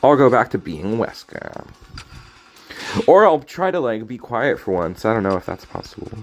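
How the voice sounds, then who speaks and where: Here a fairly low-pitched man speaks at normal speed, his voice swinging widely in pitch with some vocal fry. Commentating his card game stream in a loose, rambling way, he cracks jokes, interrupts himself, and keeps apologizing. Game music hums faintly behind him.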